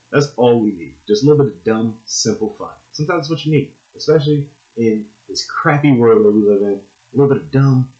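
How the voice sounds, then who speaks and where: A man casually reviewing movies, swinging between loud excited bursts and mumbled asides. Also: on the high side. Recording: echoey room, dull lo-fi sound.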